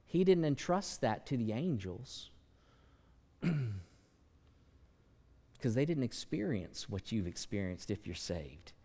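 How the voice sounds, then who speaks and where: A man's voice: lowish voice, big pitch swings, slow pace, long pauses, mellow. A man preaching a sermon as pastor, conversational, with folksy asides and sudden bursts of volume. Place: church sanctuary. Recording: long church hall reverb.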